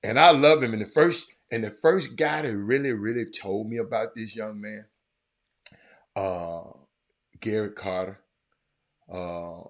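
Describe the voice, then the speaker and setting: A man hosting a casual sports talk show, loud, excitable and rambling, with some swearing. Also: on the low side, a little slow, long pauses.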